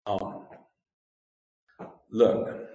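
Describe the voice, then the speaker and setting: A male pastor delivers a sermon in a large sanctuary, his voice ringing with long reverb as though caught by a microphone well across the room. He reads scripture with rising fervor and then slows into an earnest, deliberate teaching tone, circling back over his own words for emphasis. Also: dark tone. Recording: echoey hall, distant mic.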